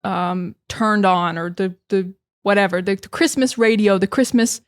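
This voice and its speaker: American woman, young adult, casual English teacher, chatty, dry close sound, mid pitch. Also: moderate pace, no room sound. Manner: chatty, many fillers and restarts. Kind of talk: casual podcast-style teaching.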